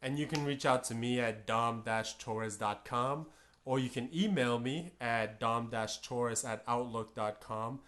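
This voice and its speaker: A man's voice: mid-range voice, unhurried, a bit bright. A man co-hosting a podcast in a laid-back, conversational way. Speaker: podcast co-host. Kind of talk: casual podcast chat.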